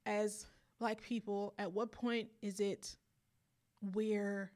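A woman's voice: medium pitch, flat delivery, slow pace, darkish tone. A middle-aged woman in a casual, reflective conversation, thinking aloud and often saying "like". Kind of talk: casual chat.

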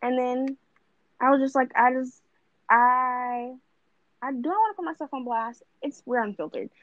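A woman's voice: high-pitched, unhurried, fairly bright tone, dry recording, dull audio. A young woman co-hosting a podcast, talking bluntly and rambling with lots of fillers and swearing. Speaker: podcast co-host. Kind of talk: casual chat.

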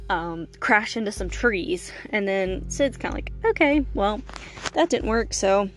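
A woman hosting her podcast, retelling a story in an easy, chatty way, with plenty of fillers and the odd curse word. Her voice sits at an ordinary middle pitch. Faint music plays quietly underneath. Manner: chatty, animated storytelling with many fillers and swearing. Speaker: podcast host. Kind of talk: casual movie recap and review.

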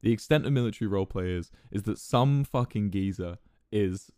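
A man's voice: lowish voice, a little fast, warm tone, clear, resonant tone, no room sound, studio quality. A man in his thirties telling a gaming story in casual style, swearing freely, laughing a lot and often restarting his sentences.

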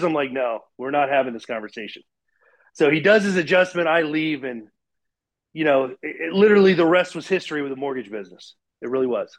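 A man in his forties recounts a personal story in a chatty, animated way, with a somewhat high voice. He tumbles through fillers and restarts and slips into the voices of the people he quotes. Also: fairly quick. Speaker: guest. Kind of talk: casual storytelling interview.

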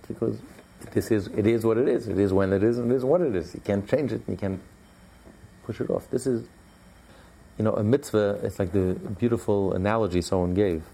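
Low-voiced man, gravelly, dark mellow tone, husky edge, emphatic Torah teacher, repeats himself. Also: fairly quick. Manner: emphatic, repetitive, conversational with fillers. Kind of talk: recorded Torah class.

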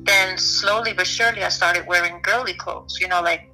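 A young woman guest speaking candidly in an interview, halting and restarting often with many "you know"s. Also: lowish voice, fairly even intonation, bright, forceful tone, soft background music, low-quality recording. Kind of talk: personal story in an interview.

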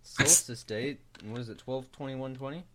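A man on a casual group podcast call, telling stories in a lively way and laughing often. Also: medium pitch, normal speed. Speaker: podcast co-host.

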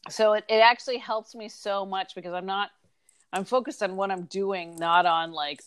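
A woman with a mid-pitched voice chats casually while fighting the hiccups. She rambles and restarts her sentences as she talks. The recording is dry and close. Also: steady tone, normal speed, clear, resonant tone, no room sound. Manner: rambling, with restarts and self-interruptions. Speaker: podcast co-host. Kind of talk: casual book discussion.

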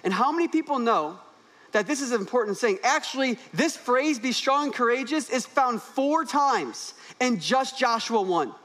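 A young man, the new pastor, preaching a sermon on a church stage in an animated, joking way with rising emphasis. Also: very high voice, moderate pace.

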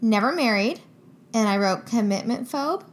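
A woman's voice: fairly high pitch, lively intonation, normal speed. A young woman co-hosting a podcast in casual chat, giggly and chatty, often trailing off mid-sentence. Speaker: podcast co-host.

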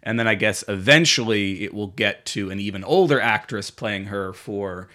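A man's voice: lowish voice, normal speed, bright, forceful tone. Rambling man in casual chat. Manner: rambling, restarts often, swears casually. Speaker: podcast co-host.

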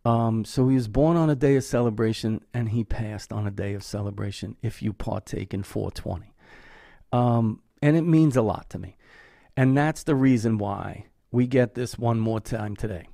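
A man's voice: mid-range voice, normal speed, mellow, dry recording. A man hosting his own channel, talking to camera in a loose, earnest way, full of fillers and restarts, from his home studio. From Irish heritage. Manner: rambling, earnest, many fillers. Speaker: YouTube host. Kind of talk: casual talk to camera.

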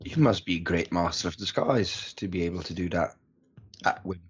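A man playing a guarded rogue woman, low and husky. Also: normal speed. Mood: probing. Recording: muffled lo-fi mic.

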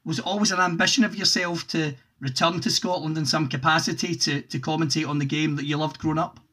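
A man interviewing a guest, asking questions in a measured, attentive way. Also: fairly high pitch, steady tone, pushed and bright.

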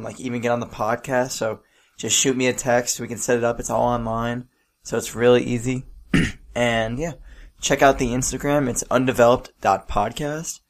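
A young man hosting a casual podcast, telling stories loosely with laughs and swearing. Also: medium pitch. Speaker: podcast host. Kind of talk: casual chat.

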